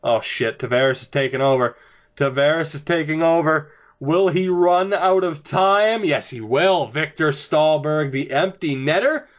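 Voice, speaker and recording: Low-key deadpan young man calling a hockey game. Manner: mostly deadpan and low-key, with sudden high-pitched outbursts of disbelief. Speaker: gaming commentator. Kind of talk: casual let's-play commentary. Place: home room early in the morning.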